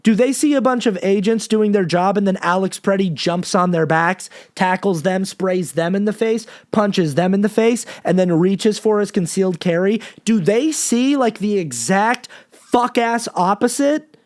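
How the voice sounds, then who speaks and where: A man's voice: sits high, normal speed. A man hosting a podcast, delivering an impassioned, profane monologue with frequent restarts. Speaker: podcast host.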